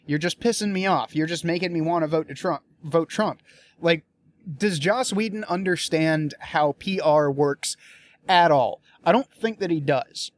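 A man's voice: a little high, measured pace. A young man with a slightly raised voice rants casually, swearing freely. He talks bluntly and sounds exasperated, stumbling and restarting his sentences as he thinks aloud. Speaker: political commentator. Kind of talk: casual political rant.

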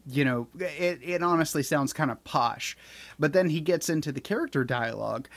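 A man's voice: medium pitch, no echo. A man in casual podcast chat, talking in a rambling way with many fillers and restarts. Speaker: podcast co-host.

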